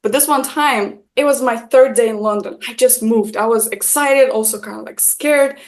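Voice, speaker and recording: Young Estonian woman, non-native speaker, bright storyteller with a slightly high voice, lots of "like". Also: moderate pace. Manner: animated, acts out quotes, many fillers. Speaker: guest content creator. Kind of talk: casual storytelling chat.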